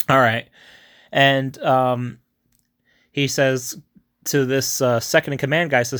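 A man's voice: mid-range voice, steady tone, moderate pace, a bit bright. A young man casually retelling a war film's plot, rambling and acting out the characters' lines in shifting voices. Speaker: film reviewer. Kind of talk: casual movie recap.

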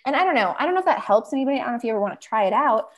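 A woman's voice: fairly high pitch, animated, racing. A young woman co-hosting a casual podcast, telling a personal story in a chatty, rambling way. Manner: chatty, rambling, lots of fillers. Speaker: podcast co-host.

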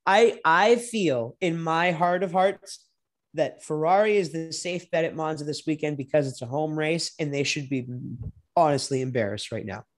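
A young man co-hosting a casual racing podcast, animated and profane, sometimes breaking into loud drawn-out shouts. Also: on the high side. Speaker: podcast co-host. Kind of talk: casual sports chat.

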